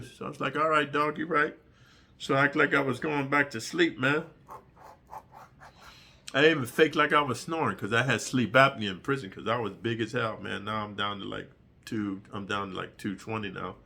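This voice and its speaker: A middle-aged man telling prison stories in an animated, profane street-storytelling monologue. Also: mid-range voice, moderate pace, gravelly.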